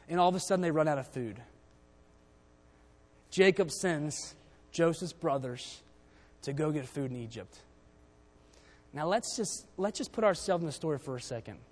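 Male preacher, fairly high voice, church sermon mixing scripture reading with plain talk, long hall echo. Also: moderate pace, long pauses. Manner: reads King James verses aloud, then explains them conversationally.

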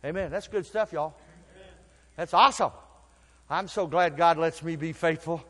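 An older man preaching a sermon, telling folksy stories and swinging from quiet asides to shouted exhortation. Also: on the high side, normal speed. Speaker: pastor. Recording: long hall reverb.

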